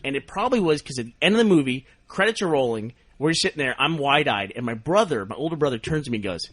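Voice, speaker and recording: Animated, slightly husky man telling stories. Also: mid-range voice, fast, few pauses, no echo. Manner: animated, laughs through his own stories. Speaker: podcast co-host. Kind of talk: casual storytelling chat.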